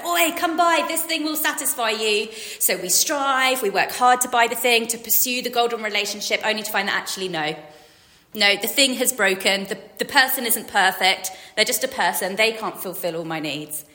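A woman's voice: medium pitch, sharp tone. A woman in her forties giving a chatty, self-deprecating sermon, acting out quotes. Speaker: preacher. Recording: hall reverb.

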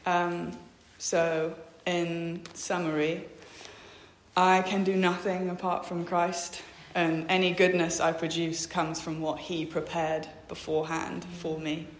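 A woman's voice: fairly low pitch, little pitch movement, slow, a little hiss or hum. Young woman sharing a hesitant faith testimony. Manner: hesitant, many ums, reads out Bible verses. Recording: echoey room.

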